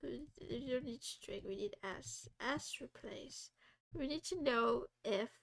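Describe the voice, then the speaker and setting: A woman thinking aloud while she works through a coding exercise on a quiet live study stream, halting and muttering, often half-whispered, with nervous laughs. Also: on the high side, creaky.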